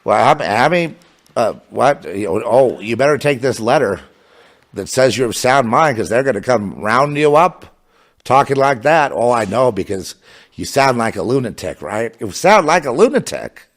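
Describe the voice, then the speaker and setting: A man's voice: medium pitch, lively intonation, normal speed. A man delivering an impassioned religious monologue, fervent and sarcastic, with bursts of scornful laughter. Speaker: religious commentator.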